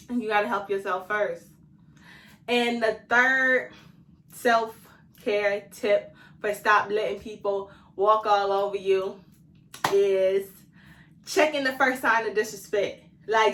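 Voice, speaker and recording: A woman's voice: mid-range voice, a bit bright. A woman vlogger giving self-care tips in a casual, slangy, chatty way, talking straight to her viewers and laughing often. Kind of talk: casual talk to camera. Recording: echoey room, mic at a distance.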